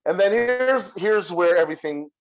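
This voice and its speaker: A man's voice: high-pitched, animated, normal speed, muffled recording. A man telling a heated story in casual podcast chat, cursing freely and acting out what he said back then. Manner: profane, heated retelling with quoted dialogue.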